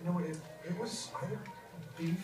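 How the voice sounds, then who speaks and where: An actor playing an evasive customer, stalling over the bill. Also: male voice, high-pitched, fairly even intonation, moderate pace, recorded from a distance, music in the background, lightly acted. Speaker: restaurant customer refusing to pay. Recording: video played in echoey hall.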